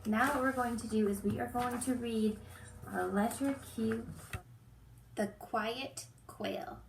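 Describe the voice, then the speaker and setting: A woman teaches a letter lesson to small children and reads them a picture book. She speaks slowly and patiently in a fairly high voice. Her voice carries a roomy echo. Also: slight background noise. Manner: slow, patient, clear instructions. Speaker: preschool teacher. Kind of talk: lesson and story read-aloud for young children.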